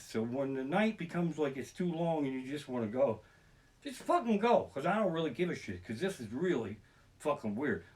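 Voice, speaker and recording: Male stand-up comic, high and very lively voice, profane and self-mocking, streaming from home. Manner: profane, animated, self-deprecating. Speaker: comedian. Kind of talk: livestreamed stand-up comedy. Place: home living room. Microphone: barebones home streaming setup.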